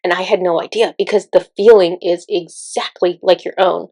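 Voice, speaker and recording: A woman in casual spiritual teaching talk, chatty and quick to laugh, with many fillers. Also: fairly low pitch, fairly even intonation, mellow, dry recording.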